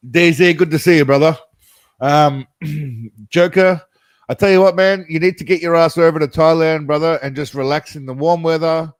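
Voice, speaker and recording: A man's voice: a little high, fairly even intonation, normal speed, no echo. A man hosting a casual livestream chat, rambling with lots of laughter and calling viewers mate and brother. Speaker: livestream host.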